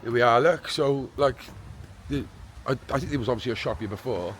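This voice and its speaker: A man's voice: medium pitch, brisk, fairly bright tone, slight background noise. A man with a Cardiff accent, hosting a vlog of casual street interviews outdoors and calling everyone mate. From Cardiff, Wales. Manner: chatty, laughing, calls everyone mate. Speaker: vlogger host. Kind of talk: street interviews while walking. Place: outdoors on a housing estate.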